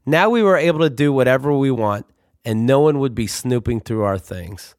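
A young man telling comic stories about his youth in a wry, deadpan manner. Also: medium pitch, normal speed, no room sound, clean studio sound. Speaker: storyteller. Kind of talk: comic storytelling.

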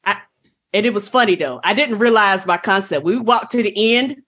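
A woman's voice: mid-range voice, lively intonation, fairly quick, fairly bright tone, slightly rough. A woman in a casual group chat, candid, profane and self-mocking.

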